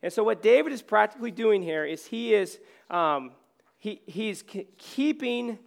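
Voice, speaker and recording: Guy pastor, voice going hoarse, chatty sermon w lots of "like", bit high pitched. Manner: casual, self-deprecating, conversational preaching with many fillers. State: losing his voice. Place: on stage.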